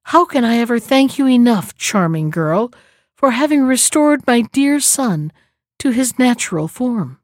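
A woman reading aloud voices a grand, queenly mother who speaks warmly and effusively. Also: on the high side, sing-song, unhurried, no echo, studio quality. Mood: grateful.

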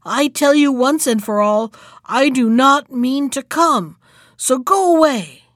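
A furious husband in a storybook tale, as a woman reader puts him on, shouting defiance in a loud, strained, high voice. The recording is dry and close. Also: animated, slow pace, dry recording. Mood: defiant. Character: angry husband shouting at unseen caller.

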